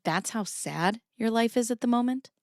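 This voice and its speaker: Livestreaming from her basement at home with the camera on herself, a woman reads through documents and chats with viewers, cursing casually and laughing a lot. She speaks at a moderate pace in a slightly high, darkish voice, captured as clean studio audio with no echo.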